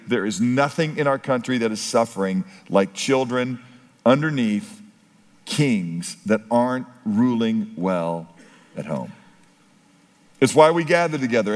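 Emphatic middle-aged male preacher. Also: fairly high pitch. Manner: emphatic preaching with storytelling asides. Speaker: pastor. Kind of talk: sermon. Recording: long hall reverb.

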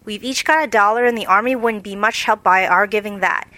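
A woman's voice: medium pitch, brisk, pushed and bright, no echo, lightly acted. A woman voicing a blunt tomboyish teenage girl. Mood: eager.

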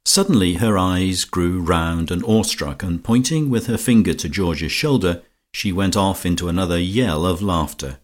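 A man reading a comic novel aloud as an audiobook narrator, in a measured, dry manner. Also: low-pitched. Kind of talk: scripted narration.

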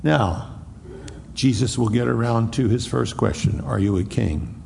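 A man preaching an expository sermon, acting out the Bible dialogue in a raised voice and dropping to a hushed tone on solemn lines. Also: medium pitch, measured pace, vocal fry, big-room sound, a little hiss or hum. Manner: acts out the dialogue between Pilate and Jesus in a raised voice. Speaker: pastor.

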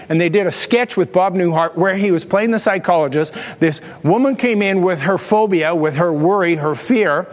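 High-voiced pastor in a reverberant hall. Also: male voice. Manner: animated storytelling with acted quotes. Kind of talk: sermon.

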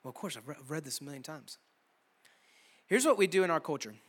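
A man's voice: a little high, lively intonation, fast, a bit bright. A young man preaching a youth sermon to a room of students, casual and conversational with light humor. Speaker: youth pastor. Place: church room with a youth audience.

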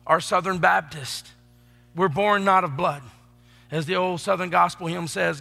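A male pastor preaching with a high, gravelly, bright-edged voice that has a husky grain. He swings between loud emphatic declarations and hushed asides. The sound rings in a church hall with faint music underneath. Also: measured pace. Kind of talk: sermon. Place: church sanctuary.

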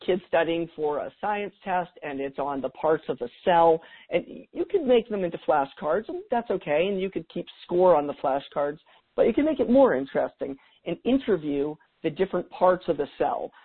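A man's voice: on the high side, animated, normal speed, breathy edge, phone-quality sound. A middle-aged man talking as a guest expert in a podcast interview, chatty, with frequent restarts and easy laughs.

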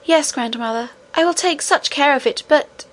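A woman's voice: high-pitched, normal speed, pitched above the performer's own voice, natural voice. A woman reading aloud voices an eager, polite little princess girl who asks questions in a wondering, breathless way. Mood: anxious.

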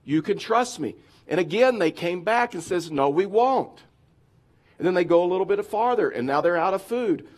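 A man's voice: high-pitched, lively intonation, a little fast. A man preaching a sermon as pastor, emphatic and repeating his key phrases again and again.

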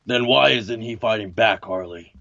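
A man's voice: fairly low pitch, normal speed, gravelly, sharp tone, dry recording, muffled recording. A man in casual chat about a comic book, laid-back and profane.

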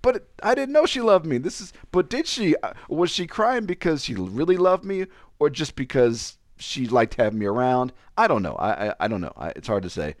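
A man's voice: medium pitch, big pitch swings, normal speed, no room sound, clean studio sound. A man hosting a podcast, telling a personal story in casual chat, self-mocking and laughing often. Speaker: podcast host.

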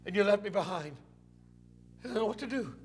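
Preacher doing a high, strained, bright-voiced fisherman disciple, raw and pleading. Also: brisk, lightly acted. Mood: reproachful. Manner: pleading, raw complaint to God. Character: frustrated weary male fisherman disciple.

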